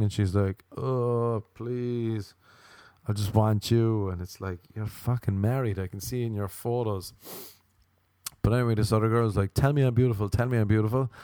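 A man telling crude, deadpan stand-up stories, acting out the quoted lines. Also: lowish voice, no echo, clean studio sound. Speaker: comedian. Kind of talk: stand-up storytelling.

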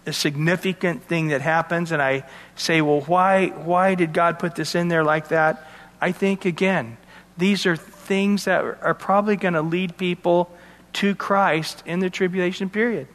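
A pastor with a fairly high, fairly even voice preaches in a large hall, speaking a little slowly with a somewhat bright tone. He reads verses and explains them in expository Bible teaching, keeping it conversational with asides to his listeners.

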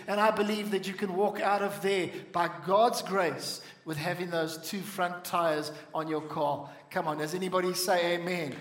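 High-voiced preacher in echoey church. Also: male voice. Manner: animated preaching with voiced asides and congregation call-outs. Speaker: pastor. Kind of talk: sermon.

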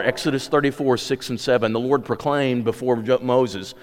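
A man's voice: medium pitch, fairly even intonation, normal speed. A man preaching a sermon, conversational at times and rising to impassioned exhortation. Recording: long hall reverb.

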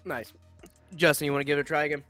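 A man's voice: fairly high pitch, little pitch movement, racing, sharp tone, soft background music. A young man hosting a casual sports podcast, talking in a blunt, profane, rambling way. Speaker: podcast host.

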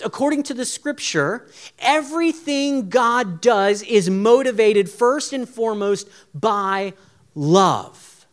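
Slow-paced earnest male preacher. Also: high-pitched. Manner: earnest, pleading, conversational preaching. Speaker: pastor. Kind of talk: sermon.

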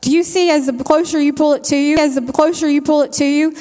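A woman's voice: sits high, fairly even intonation, fast talker, warm tone. A woman giving a homespun devotional talk in a folksy way, repeating her phrases as she goes. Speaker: lay speaker giving a devotional. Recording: long reverb of a large hall.

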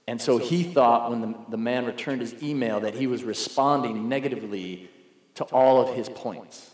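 A man's voice: medium pitch, expressive, moderate pace, a little mellow. A man preaching a sermon as a pastor, telling stories in a conversational way and acting out the people he quotes. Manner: conversational storytelling, acts out quoted voices. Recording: echoey hall.

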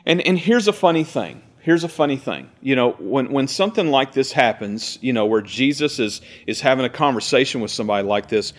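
A man preaching in a relaxed, talky way, circling back and repeating himself as he unpacks a passage. When he reads the verses aloud he slows right down and weighs each word. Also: medium pitch. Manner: conversational, explains verses with repetitions and restarts; reads scripture slowly and deliberately. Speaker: pastor. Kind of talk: sermon.

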